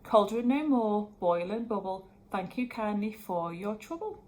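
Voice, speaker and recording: A woman voicing a calm, kindly mother witch in a read-aloud storybook, speaking gently. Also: medium pitch, unhurried, close to an everyday voice. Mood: spell-casting.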